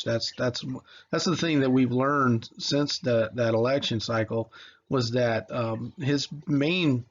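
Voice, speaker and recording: A man's voice: mid-range voice, lo-fi sound. A man in his forties from Mississippi, giving a casual history lecture in a conversational, rambling way, with many fillers and restarts. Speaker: history teacher.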